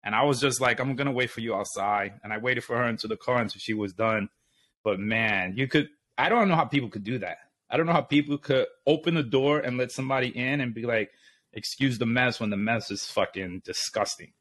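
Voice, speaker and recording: A young man with a mid-range voice tells stories with energy in a relaxed conversation. He swears freely and laughs often as he talks. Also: medium pitch, fairly quick. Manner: animated storyteller, profane, laughs often. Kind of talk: casual chat.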